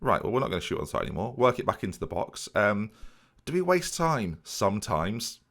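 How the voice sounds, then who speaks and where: A man's voice: lowish voice, big pitch swings, brisk, vocal fry, a bit bright. A man commentating a football management video game play-by-play, addressing viewers with jokey asides.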